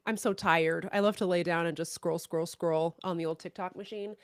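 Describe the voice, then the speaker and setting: A woman co-hosting a podcast who tells stories in animated, casual chat, laughing often and swearing casually. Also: fairly low pitch, moderate pace, no echo, studio quality. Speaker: podcast co-host.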